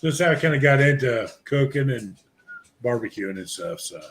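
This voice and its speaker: A man's voice: mid-range voice, animated, moderate pace. A middle-aged man, a guest on a barbecue podcast, telling long casual stories full of fillers and restarts. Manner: rambling anecdotes with many fillers and restarts. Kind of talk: casual storytelling chat.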